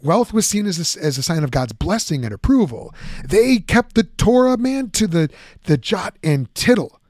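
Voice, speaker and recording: Guy teaching bible stuff, animated, chatty, dry close recording. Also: sits high, normal speed, dry recording. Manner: animated, conversational, acts out objections.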